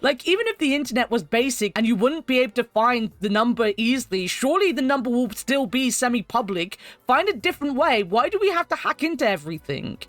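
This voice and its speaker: A woman's voice: a little high, lively intonation, fast, few pauses, dry recording. A woman giving wry, chatty commentary in a retrospective video game review.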